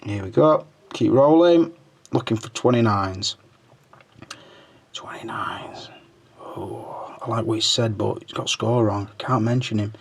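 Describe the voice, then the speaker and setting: A man's voice: on the low side, normal speed, breathy edge. A middle-aged man hosting his own toy review channel, reading viewer comments in a casual chat. He jokes crudely, swears a lot and mutters under his breath while scrolling.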